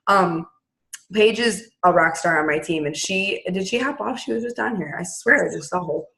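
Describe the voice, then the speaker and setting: A woman giving her team a casual pep talk over a video call. She is blunt and brisk, acting out quotes as she goes. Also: lowish voice, creaky, a bit bright, rough recording.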